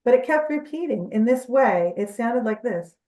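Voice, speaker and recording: A woman being interviewed shares her experiences in a conversational storytelling style, explaining things in an earnest, chatty way. Her voice is slightly high and warm, with lively intonation and a normal pace. She is recorded off-mic, far from the microphone, in an echoey room.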